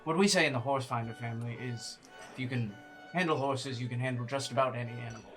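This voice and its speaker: A woman playing a blustery, generous male gentleman explorer in a tabletop role-play, with a bossy, jovial manner. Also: rumbling low, fast, faint music behind. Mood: hearty.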